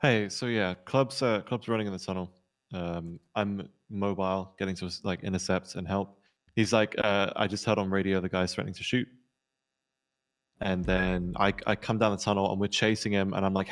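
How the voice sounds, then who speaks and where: A man playing a police officer, recounting a tense incident in a quick, storytelling way and acting out what people said. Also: low-pitched, fairly even intonation. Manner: rapid storytelling, acts out quoted lines. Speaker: police officer in role-play. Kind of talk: in-character debrief recounting an incident.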